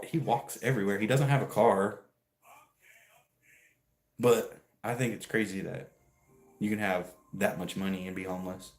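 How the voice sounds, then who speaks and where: A somewhat low-voiced man chats live to his viewers, rambling from one story to the next and laughing often as he reads out and teases their messages. The sound bounces around an echoey room, as if he were streaming from his garage. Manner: rambling and chatty, laughs often, talks back to chat. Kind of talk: casual livestream chat, reading viewer messages.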